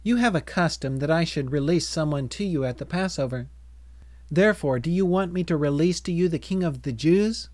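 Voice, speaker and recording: A stern, uneasy Roman governor pleads and demands in a raised voice, as a man reads him aloud. The voice sits high and the reading is dry and close-miked. It belongs to a dramatized scripture reading. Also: brisk, a little mellow, dry recording, close to an everyday voice. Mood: questioning.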